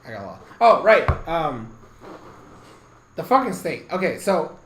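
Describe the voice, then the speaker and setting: A man's voice: fairly high pitch, very animated, measured pace, pauses often, a bit bright, echoey room, a little hiss or hum, rough recording. A man giving a casual, rambling game review, swearing constantly and getting heated, with bursts of laughter.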